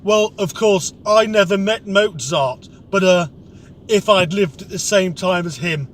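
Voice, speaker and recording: Bloke doing a slow know-it-all music snob, lecturing. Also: male voice, high voice, a little hiss or hum. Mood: pompous. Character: pompous male music bore lecturing.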